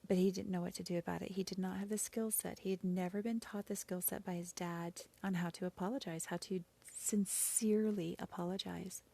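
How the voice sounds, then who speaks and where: A woman host telling a personal story in an emotional, halting way, sometimes dropping to a whisper. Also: on the low side, steady tone, gravelly, dark tone. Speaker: podcast host sharing her story.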